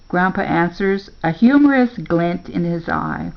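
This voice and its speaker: Slow gravelly older woman reading a story. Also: fairly low pitch, sing-song, highs cut off. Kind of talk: reading a children's story aloud.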